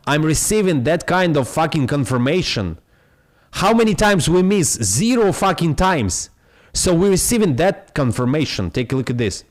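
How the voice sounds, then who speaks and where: A man from Ukraine with a Ukrainian accent, hosting a live crypto stream in excitable, swearing, broken English. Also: mid-range voice.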